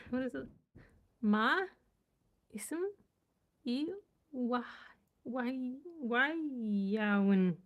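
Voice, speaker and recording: Woman, language vlogger, casual unhurried chat, slightly high voice, halting and self-amused as she tries new words. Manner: curious, sounding out words haltingly, laughing at herself. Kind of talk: casual live reading and chat.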